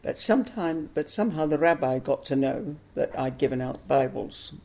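Gravelly-voiced older woman telling her story. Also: a bass voice, lively intonation, mellow. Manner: unhurried storyteller, chuckles while recalling. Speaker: interviewee.

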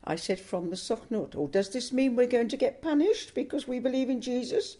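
An older woman telling a personal story in an interview, unhurried and chuckling as she recalls events. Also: a little high, animated, mellow.

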